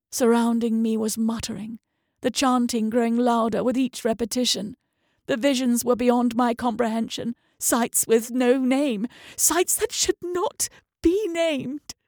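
A woman narrating a first-person horror story dramatically, at times dropping into hushed whispers. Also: fairly high pitch, unhurried, creaky, dry recording, studio quality.

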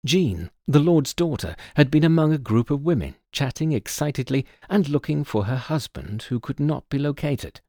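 A man narrating a mystery story in a scripted, expressive storytelling manner. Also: on the high side, moderate pace, hardly any pauses, no echo, studio quality.

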